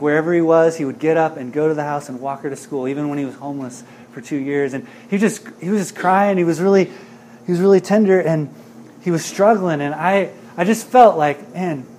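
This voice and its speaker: A man's voice: fairly high pitch, darkish tone, a little hiss or hum. A middle-aged man preaching a sermon as a pastor, talking in an earnest, conversational way and often asking "right?".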